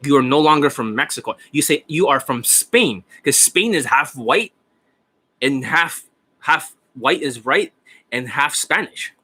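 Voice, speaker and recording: A man gives dating advice in a loose, rambling livestream, and he swears constantly as he talks. His voice is bright and forceful, at a middle pitch. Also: animated, unhurried, breathy edge. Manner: rambling, profane, often laughing. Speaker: dating coach. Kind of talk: casual rambling livestream talk.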